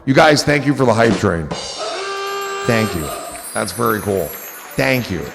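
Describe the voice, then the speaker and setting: A man's voice: on the low side, animated, measured pace, gravelly, big-room sound, loud music behind the voice. A man hosting a casual livestream, rambling in a goofy, profane way to his chat. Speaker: livestream host.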